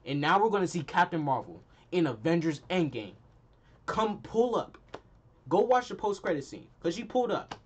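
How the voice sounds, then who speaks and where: A man's voice: a little high, husky. Heated young man ranting on his channel. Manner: slangy, heated and emphatic, repeats lines for effect. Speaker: movie reviewer, channel host. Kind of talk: casual ranting review.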